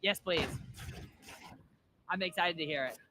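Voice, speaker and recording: A man live streaming a game, excitable and chatting with his AI co-host. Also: high-pitched, a little slow, a little hiss or hum. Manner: excitable, laughing.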